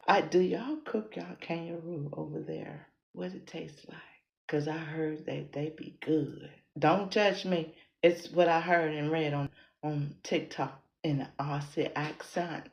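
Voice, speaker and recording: A woman's voice: sits low, steady tone, measured pace, creaky. An American woman hosting her own podcast, talking in a rambling, blunt and often profane casual monologue. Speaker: podcast host and content creator. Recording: roomy echo.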